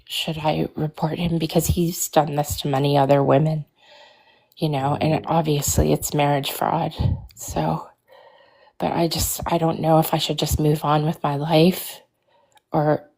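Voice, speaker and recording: Low gravelly woman on a video call, halting and teary, lots of ums and restarts. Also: level tone, warm tone. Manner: halting, hesitant, many restarts and fillers. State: tearful, fighting emotion. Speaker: caller sharing her story. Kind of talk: emotional personal account on a livestream.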